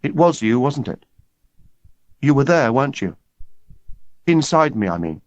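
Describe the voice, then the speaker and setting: A man's voice: medium pitch, big pitch swings, measured pace, no echo, muffled recording. Brief: hesitant schoolboy, read by a man, near-natural voice. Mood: probing.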